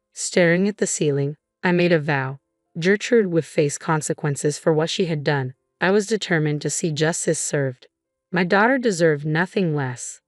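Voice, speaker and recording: A woman reading a first-person story as scripted narration, in an even, steady way. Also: low-pitched, no room sound, clean studio sound.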